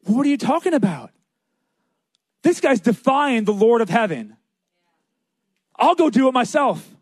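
A man's voice: sits high, lively intonation, a little fast, no echo, studio quality, pitched above the performer's own voice. A man preaching acts out a bold, defiant young shepherd boy in an eager, brash manner. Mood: indignant.

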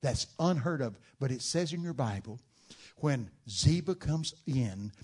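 Male preacher, dramatic storyteller, mid-pitched, full of rhetorical questions. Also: animated, unhurried, darkish tone, husky. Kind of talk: sermon.

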